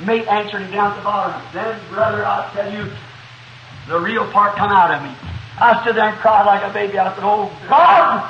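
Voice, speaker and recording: A man preaching a revival sermon, telling a story in a fervent, folksy way that rises to shouts, recorded on an old 1960s tape in a meeting hall. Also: high voice, dull audio, a little hiss or hum.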